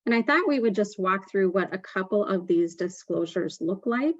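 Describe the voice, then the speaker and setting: A woman's voice: on the low side, dry recording, muffled recording. A woman presenting a tax webinar, explaining step by step with frequent "um" fillers.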